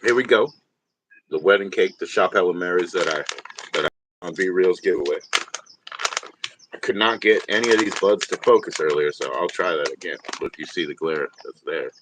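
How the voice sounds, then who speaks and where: Male livestreamer with a lowish voice, loose and profane, chatting and laughing with viewers. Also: normal speed, noisy background. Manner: rambling, profane, laughs often, talks to viewers. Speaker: livestream host. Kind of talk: casual livestream chat.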